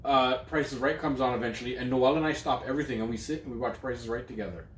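A man's voice: medium pitch, rapid-fire, a little hiss or hum. Joking, profane young man in a roomy room. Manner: loose, profane, joking storyteller. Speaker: podcast co-host. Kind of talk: casual chat. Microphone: studio microphone.

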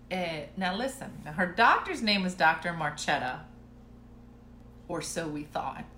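A middle-aged woman hosts a relaxed live chat and tells family stories to her viewers. Her voice is bright and clear, and she laughs often and clears her throat. The room around her is echoey, with faint background noise. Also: on the low side, measured pace. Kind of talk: casual storytelling chat.

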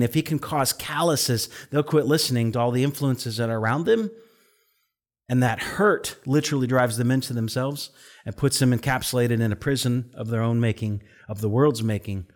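A middle-aged man preaches a conversational sermon at a mid-range pitch. He tells stories with chatty asides, jumps his voice up when quoting an outburst, then drops soft and low to press a serious point. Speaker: pastor.

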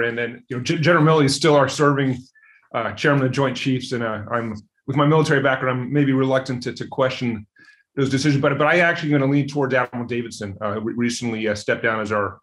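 Fast-talking male interview guest. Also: medium pitch, fairly even intonation, a bit bright. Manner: quick, with many fillers and repeated words. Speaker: interview guest, security expert. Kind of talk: interview answers.

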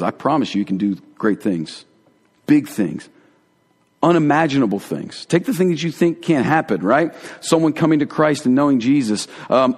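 A man giving a conversational, earnest sermon as a pastor, dropping to hushed tones for emphasis. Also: fairly high pitch. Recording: long hall reverb.

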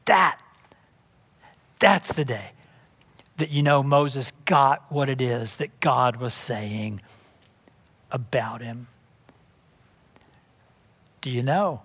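A pastor from Texas preaching a sermon in a church, emphatic and full of rhetorical questions. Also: male voice, medium pitch, slow, long pauses, a bit bright, husky. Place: church sanctuary. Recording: long reverb in a big hall.

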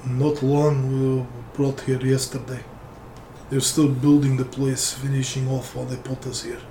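A man voicing a weary dwarf prisoner with a put-on Russian accent, giving short, flat answers. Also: medium pitch, moderate pace, a little hiss or hum, natural voice. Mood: curt. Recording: roomy echo.

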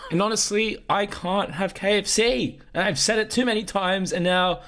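A man co-hosting a podcast, chatting casually with blunt, sweary, deadpan quips. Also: high voice, normal speed. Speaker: podcast co-host. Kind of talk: casual chat.

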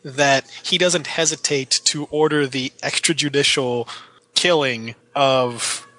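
Bright-voiced man riffing on a movie. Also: medium pitch, fairly even intonation, slow pace, no room sound, rough recording. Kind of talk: casual movie review chat.

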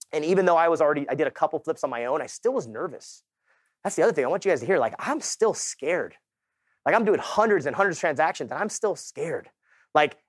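Animated man telling a story on stage. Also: on the high side, no echo, studio quality. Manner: casual, animated storytelling with quoted dialogue and audience asides. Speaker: keynote speaker. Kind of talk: motivational conference talk. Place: conference stage.

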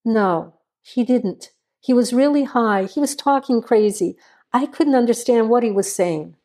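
A woman's voice: a little high, a little slow. Woman reading as a defiant young woman. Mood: reluctant. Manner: sharp, defensive replies. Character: defiant, irritable young woman under questioning.

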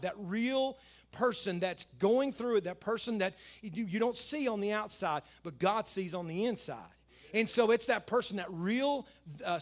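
Middle-aged male pastor, high voice, chatty sermon delivery with emphatic scripture readings. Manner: conversational preaching with repeated phrases and emphatic scripture quotes.

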